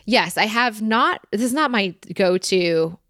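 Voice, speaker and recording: A woman hosting a solo question-and-answer podcast, explaining calmly in long flowing sentences and repeating words for emphasis. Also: medium pitch, a little slow, no echo, clean studio sound. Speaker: podcast host.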